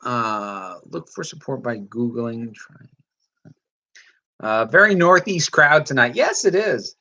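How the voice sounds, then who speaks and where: Woman, casual livestream chat, bright voice, muffled lo-fi audio, stumbling restarts. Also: rumbling low, slow pace. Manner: chatty, rambling, stumbles and restarts, lively. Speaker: livestream host reading chat.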